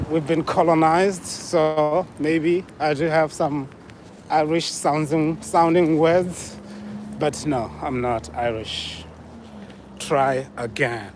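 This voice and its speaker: A man's voice: a little high, a little mellow, a little hiss or hum. A man with a Southern African accent, playfully teasing viewers as he answers their guesses in a casual live stream. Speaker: livestream host reading chat.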